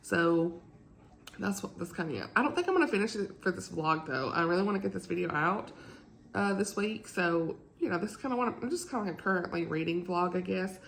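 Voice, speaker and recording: A woman's voice: lively intonation, a little fast, creaky, a little hiss or hum, poor audio. A woman, chatting casually and rambling about books in a book vlog from home, laughing often. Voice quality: deep morning voice. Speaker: book vlogger. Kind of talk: casual chat.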